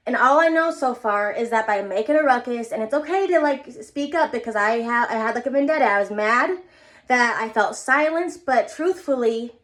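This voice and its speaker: Casting note: earnest young woman vlogger with a fairly high voice, rambling through a heartfelt pep talk. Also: lively intonation, normal speed. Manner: earnest, rambling, repeats herself. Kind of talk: casual motivational monologue.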